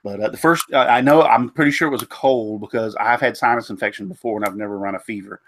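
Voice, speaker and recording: A man with a cold-congested, mid-range voice talks fast in a fairly bright tone. He hosts a casual woodworking live stream, rambling along with plenty of fillers and stumbling over names.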